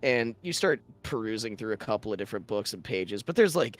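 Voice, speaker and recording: A man's voice: lowish voice, expressive, brisk. A man running a tabletop game as game master, narrating scenes loosely with lots of filler words.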